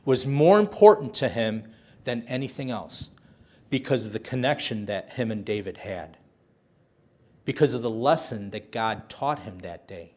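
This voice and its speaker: A male preacher delivering a sermon as a story, impassioned and steady in pitch. He repeats phrases to drive each point home. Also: normal speed.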